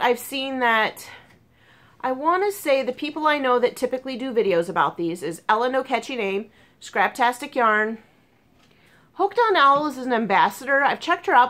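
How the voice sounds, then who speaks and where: Nursing a sore, burnt tongue, a woman vlogger with a voice on the high side excitedly chats about crochet. Her casual talk is gushing and full of frequent ums.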